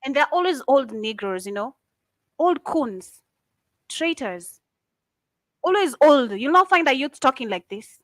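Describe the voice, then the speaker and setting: A woman's voice: sits high, big pitch swings, unhurried, pauses often, no room sound. A woman giving impassioned commentary, fiery and indignant, firing off rhetorical questions. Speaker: commentator reacting to videos.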